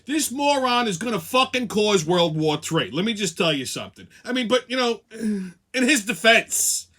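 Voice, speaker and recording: Profane ranting man with a bright voice. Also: sits high, big pitch swings, moderate pace. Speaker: host. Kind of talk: profane comedic rant.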